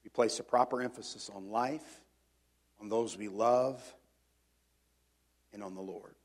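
A man preaching a sermon in an earnest way. He swings between emphatic rising points and quiet, reflective reading. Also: on the low side, fairly even intonation, measured pace. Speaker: pastor.

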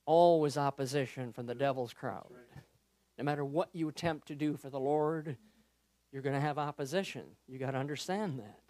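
A male Baptist pastor preaching a sermon, impassioned, swinging between quiet, drawn-out words and loud, rising emphasis. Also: medium pitch.

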